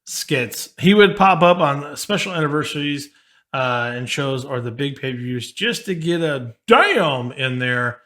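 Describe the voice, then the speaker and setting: A man's voice: mid-range voice, animated, unhurried, a bit bright. A man co-hosting a casual podcast who reads wrestling history from his notes in a loose, casual way. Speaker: podcast co-host. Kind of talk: reading from notes.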